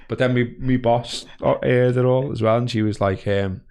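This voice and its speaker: A man co-hosting a casual podcast, telling stories with animated rants. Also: medium pitch, moderate pace, clean tone. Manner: animated storytelling, acting out his own rants. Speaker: podcast co-host. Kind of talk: casual chat.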